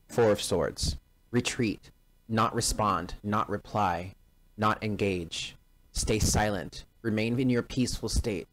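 A man's voice: lowish voice, rough recording. A man giving a casual tarot reading straight to his viewers, emphatic and given to repeating himself. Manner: emphatic, repeats phrases, addresses listeners directly. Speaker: tarot card reader.

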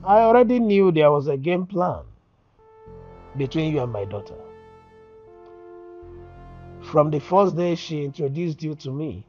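A man's voice: fairly high pitch, expressive, mellow, faint music behind. A middle-aged actor with a Nigerian English accent playing a stern father who confronts his daughter's suitor. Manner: stern, knowing, slow. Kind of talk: film drama acting. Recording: slightly dull lo-fi sound.

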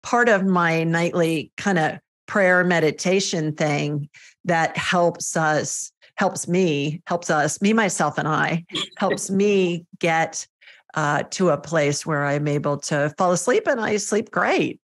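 A middle-aged woman hosting a conversational interview, her voice sitting a little low for a woman. She talks in an earnest, chatty way, sharing personal routines as she goes. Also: slow pace. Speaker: podcast host.

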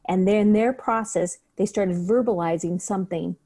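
A woman's voice: medium pitch, moderate pace, warm tone. A woman breathwork teacher talking in an interview, earnest, acting out the questions she asks herself. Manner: earnest, acts out her own inner questions. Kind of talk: conversational interview.

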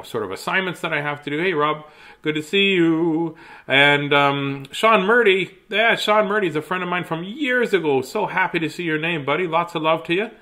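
A man's voice: medium pitch, pushed and bright. A middle-aged man, chatting casually and greeting viewers by name at home before reading a children's book aloud. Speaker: children's book reader on a livestream.

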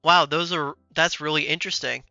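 A man's voice: on the high side, steady tone, a little fast, vocal fry, sharp tone, no echo, muffled recording, soft background music. A man streaming a game and playfully trolling its characters in casual commentary. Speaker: gaming streamer.

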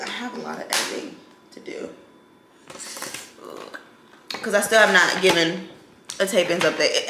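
A woman's voice: medium pitch, noisy background. A young woman, chatting casually to her viewers in a home vlog. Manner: chatty, talks to viewers as y'all. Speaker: vlogger. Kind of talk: casual vlog chat to camera. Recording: echoey room with kitchen clatter.

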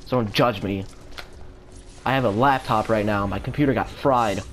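A man giving live commentary on his own gameplay, excitable, swearing often and repeating phrases in quick bursts. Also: on the low side, a little hiss or hum. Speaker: gamer. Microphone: home setup without face cam.

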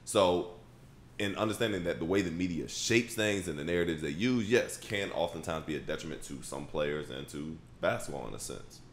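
Young male co-host with a very low voice, steady and deliberate, casual sports chat. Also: a little hiss or hum. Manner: deliberate, keeps saying "like I said". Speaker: podcast co-host.

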